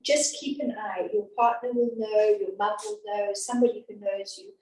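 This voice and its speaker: A woman with a mellow, mid-range voice, steady in tone and moderate in pace, leads an antenatal class in a classroom. Her informal talk is chatty, reassuring and down-to-earth, captured from a distance in an echoey room.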